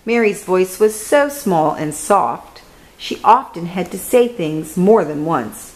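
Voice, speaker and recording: A woman hosting a children's reading show, reading a picture book aloud in a gentle, careful way. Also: fairly low pitch, lively intonation, takes it slowly, poor audio. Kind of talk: storybook read-aloud.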